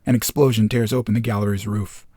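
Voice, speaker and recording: A man reading a screenplay aloud as narrator, steady and matter-of-fact. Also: on the low side, quick pace, slightly rough, no echo, clean studio sound.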